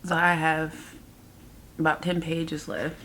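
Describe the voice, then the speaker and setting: A woman's voice: low voice, little pitch movement, takes it slowly, fairly bright tone, slight background noise. A woman book vlogger chatting casually about a book she just finished, emotional and rambling, often laughing in exasperation. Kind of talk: casual reading vlog chat.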